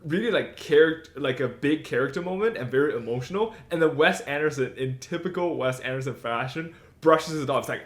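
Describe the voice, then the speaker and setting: A man's voice: a little high, a little fast, hardly any pauses. A man co-hosting a casual film review podcast, rambling and leaning heavily on "like" as he talks. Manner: rambling, heavy on "like" fillers. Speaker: podcast co-host. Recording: echoey room.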